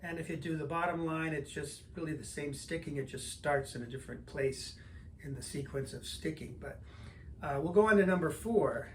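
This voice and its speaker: An older man teaching drums, explaining patterns in a relaxed way and counting in before he plays. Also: fairly high pitch, normal speed, slight background noise. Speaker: drum teacher. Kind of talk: instructional lesson talk.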